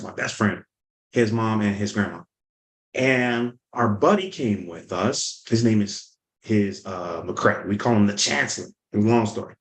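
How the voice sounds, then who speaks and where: A man giving an energetic sales lesson, telling stories and acting out the people in them. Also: mid-range voice, reverberant, poor audio. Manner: energetic, storytelling, acts out quotes. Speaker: sales coach. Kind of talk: motivational teaching talk.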